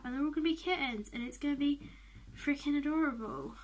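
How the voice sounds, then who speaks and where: Excitable high-voiced young woman. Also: fairly quick. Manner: chatty, excitable, drops into whispers. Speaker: gaming vlogger. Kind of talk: casual game commentary.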